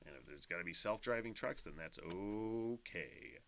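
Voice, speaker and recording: A man's voice: lowish voice, expressive, normal speed, gravelly, a bit bright, slight background noise. A man hosting a casual solo podcast, ranting, swearing and laughing as he talks. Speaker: podcast host.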